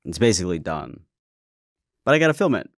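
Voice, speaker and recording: A man's voice: low voice, big pitch swings, fairly quick, no room sound, studio quality. A man hosting his own show, telling a personal story in a candid, casual way, swearing and stammering as he goes. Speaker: podcast host.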